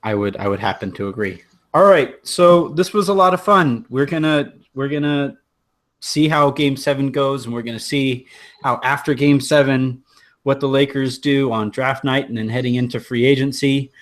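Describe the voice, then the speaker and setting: A man hosting a basketball podcast in casual chat, easygoing and quick to laugh. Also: medium pitch, a bit bright. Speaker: podcast host.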